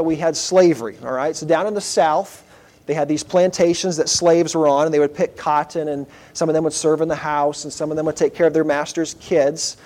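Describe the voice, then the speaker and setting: A man's voice: on the high side, darkish tone. A man preaching a sermon in an earnest, conversational way, with asides to the congregation. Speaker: pastor.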